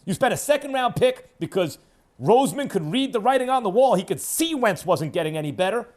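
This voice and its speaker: A man hosting a sports radio show, delivering an opinionated monologue in an emphatic, hectoring way that swings between loud declarations and low asides. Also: sing-song, fairly quick. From New York.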